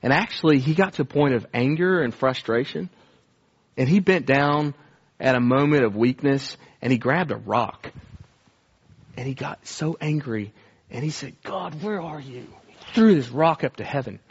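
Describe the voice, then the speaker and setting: A man's voice: medium pitch, normal speed, husky. A male pastor preaching a sermon to his church in an earnest, conversational way. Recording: dull, lo-fi sermon recording.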